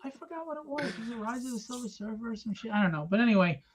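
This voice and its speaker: A middle-aged man hosting a livestream, telling stories in casual chat, animated and profane, acting out the people in them. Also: very high-pitched, rapid-fire, crowd noise, poor audio. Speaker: livestream host.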